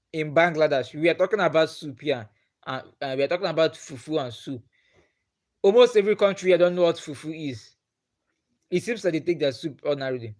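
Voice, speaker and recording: A man with a Nigerian accent, chatting on a live stream and putting the same questions to his viewers again and again. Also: fairly high pitch. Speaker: livestreamer.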